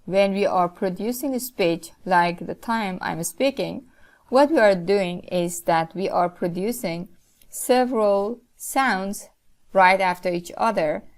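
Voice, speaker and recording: Woman lecturing on language, not her first, talks real slow and careful. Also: medium pitch. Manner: slow, deliberate explaining with careful pauses. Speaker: linguistics lecturer. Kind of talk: recorded lecture.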